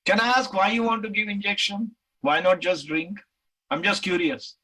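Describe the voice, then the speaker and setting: A middle-aged Indian man with an Indian English accent lectures and takes questions. His voice sits high for a man and rings bright and forceful. He talks in an animated way and acts out the voices he quotes. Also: normal speed, rough recording.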